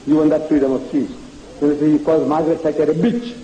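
A man's voice: on the high side, level tone, a little fast, mellow, roomy sound, lo-fi sound, slight background noise. A man answering audience questions at a lecture, talking emphatically and rising into mock outrage.

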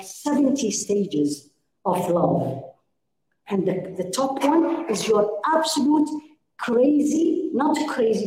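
Speaking in a mid-range, slightly mellow voice, a middle-aged woman who teaches religion gives an engaging lecture to a women's class. She quizzes her audience and performs little dialogues, recorded live in a room with noticeable echo.

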